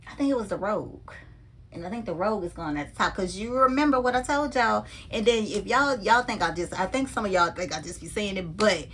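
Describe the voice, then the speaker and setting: A woman handbag vlogger chatting casually and with animated energy to her viewers while unboxing a bag. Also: medium pitch, a little fast, breathy edge.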